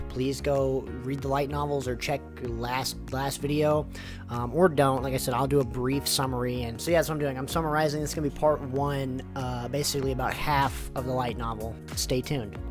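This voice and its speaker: A man giving a loose, rambling spoken summary of a story, full of fillers and swearing. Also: medium pitch. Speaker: YouTuber summarizing light novels.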